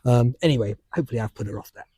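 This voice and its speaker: A man's voice: mid-range voice, very fast, mellow, breathy edge. An older man with a British accent telling stories in a casual podcast chat, chuckling and restarting as he goes. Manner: chatty storyteller with frequent restarts and chuckles. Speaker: podcast co-host.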